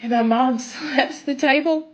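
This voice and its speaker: A young woman sharing a personal testimony, emotional, her voice climbing high when she recalls her prayers. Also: a little slow. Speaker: testimony speaker. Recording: dull lo-fi sound.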